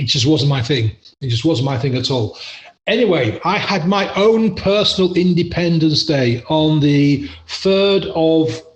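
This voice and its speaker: A man's voice: on the high side, echoey room. A middle-aged English man, a podcast guest, telling stories in a chatty, self-deprecating way and laughing often. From England. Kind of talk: casual storytelling interview.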